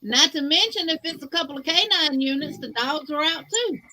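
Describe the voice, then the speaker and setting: A woman's voice: high-pitched, fairly quick, sharp tone, poor audio. A woman in a casual chat, explaining things at length in an emphatic, everyday way.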